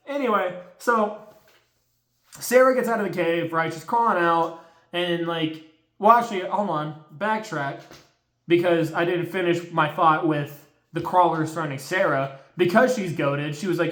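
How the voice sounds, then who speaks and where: A man's voice: on the high side, normal speed, a bit bright. A young man recapping a horror movie in a casual, profane, exasperated rant full of slang. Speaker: movie reviewer. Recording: roomy echo.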